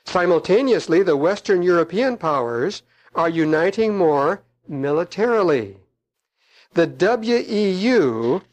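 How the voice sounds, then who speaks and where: A middle-aged man preaching on prophecy, reading aloud and commenting in a slow, emphatic way with frequent fillers. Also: on the high side, darkish tone, poor audio.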